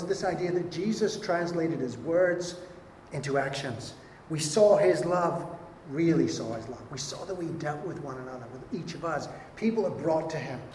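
Animated male pastor in echoey hall. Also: a little high, a little hiss or hum. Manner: animated, acts out quoted voices. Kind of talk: sermon. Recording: echoey hall with faint ambience.

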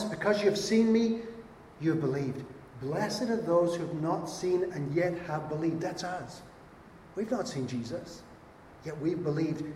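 A man's voice: on the high side, a little mellow, slight background noise. A man preaching a sermon, earnest and emphatic, often repeating his points. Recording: echoey hall with long reverb.

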